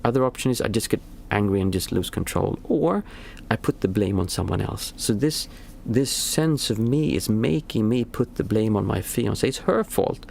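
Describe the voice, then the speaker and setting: A man's voice: lowish voice, animated, normal speed, creaky, few pauses, darkish tone, slight background noise. A man who is a meditation teacher and a father of small children, giving a reflective, casual talk and searching aloud for the right words. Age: young adult to middle-aged, father of small children. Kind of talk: casual spoken teaching on a livestream.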